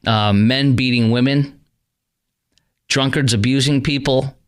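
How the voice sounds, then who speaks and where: A man's voice: mid-range voice, steady tone, a little slow, clean tone. A man hosting a talk radio show, delivering an indignant, rambling monologue with many fillers and restarts.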